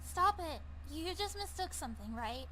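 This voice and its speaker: A man voicing an angsty, dismissive fourteen-year-old boy in a high squeaky put-on voice. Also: sing-song, normal speed, background noise. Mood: scolding.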